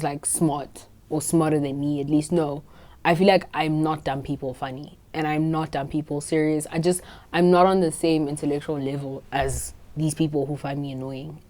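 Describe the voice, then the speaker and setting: Low-voiced woman, blunt and cocky. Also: dark tone. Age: 20s. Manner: blunt, profane and self-assured. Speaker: podcast host. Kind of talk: casual storytime monologue.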